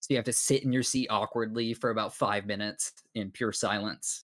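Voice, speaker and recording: Halting, laid-back male game master. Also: fairly low pitch, fairly even intonation, fairly bright tone. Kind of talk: narrating a tabletop game.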